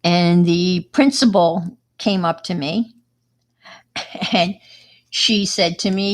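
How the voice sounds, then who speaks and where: A woman's voice: on the low side, slow, pauses often. A middle-aged woman with a New York accent, chatting casually with viewers on her livestream, rambling with lots of fillers and restarts. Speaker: livestream host.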